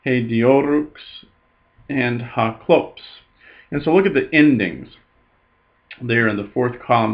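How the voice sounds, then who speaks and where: Male teacher, mid pitch, patient explainer with many fillers, slightly muffled recording. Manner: unhurried, explanatory, with frequent "uh" fillers. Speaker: Greek teacher. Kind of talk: recorded grammar lesson.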